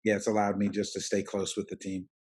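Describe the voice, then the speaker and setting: A middle-aged man, a roofing company president, telling his story in an interview, halting with many restarts and fillers. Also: lowish voice, monotone, a little mellow, breathy edge.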